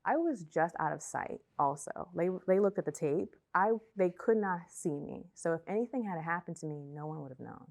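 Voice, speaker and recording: A young woman telling her personal faith testimony, emotional and halting, often repeating herself and trailing off. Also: lowish voice, animated, vocal fry, a little mellow. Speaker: testimony speaker.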